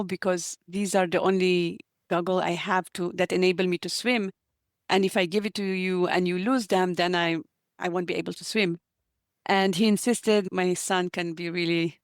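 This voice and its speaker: Gravelly-voiced woman sharing heartfelt stories. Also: lowish voice, no echo, clean studio sound. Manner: earnest, heartfelt storytelling. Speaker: guest author. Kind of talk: reflective interview conversation.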